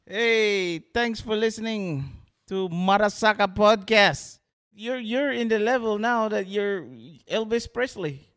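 Bright, high-voiced male co-host. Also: slow, smooth. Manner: eager, stammering restarts, laughs often. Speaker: podcast co-host. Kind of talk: casual chat.

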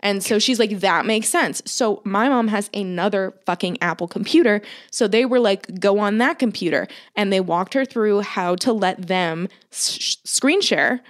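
A woman's voice: mid-range voice, moderate pace, few pauses. Chatty swearing woman telling a story. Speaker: podcast co-host. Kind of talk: casual chat.

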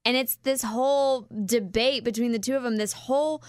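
A woman's voice: on the high side, normal speed, no room sound, clean studio sound. A woman filling in as co-host in casual chat, rambling and chatty. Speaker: fill-in co-host.

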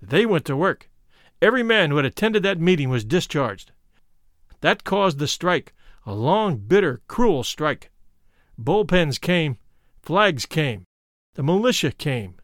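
A man giving a dramatic, expressive reading of a first-person memoir. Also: fairly high pitch, measured pace, no echo, studio quality. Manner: expressive, shifts to stirring emphasis. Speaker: reader.

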